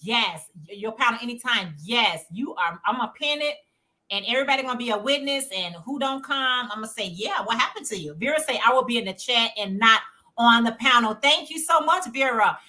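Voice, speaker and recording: Woman, livestream host, informal chat, sharp bright tone, slightly high voice. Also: lively intonation, a little fast. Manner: reads chat messages aloud, chatty and informal. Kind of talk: casual chat reading viewer comments.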